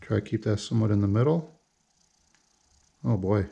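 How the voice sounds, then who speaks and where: A man's voice: fairly low pitch, normal speed, gravelly, warm tone, muffled recording. A man narrating a casual how-to video, talking through each step as he works. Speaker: hobby lure painter.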